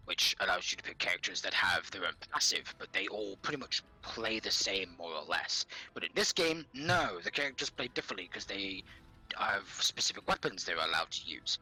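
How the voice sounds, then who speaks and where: A man's voice: low voice, sharp tone, breathy edge, poor audio. A man with a non-native English accent co-hosting a casual gaming podcast, laughing often and swearing freely. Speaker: podcast co-host.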